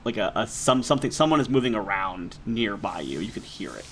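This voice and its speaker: A man acting as game master, narrating a tabletop role-play game and explaining the rules and scenes in a relaxed way. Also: fairly low pitch, fairly quick, husky. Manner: explanatory, laughs easily. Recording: remote recording.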